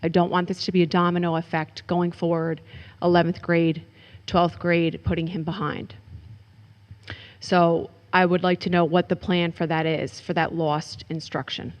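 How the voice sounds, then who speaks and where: Woman in her forties, lowish voice, earnest, long reverb, dull sound. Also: level tone, moderate pace. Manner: polite, earnest questioning. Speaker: parent giving public comment. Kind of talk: public comment at a board meeting.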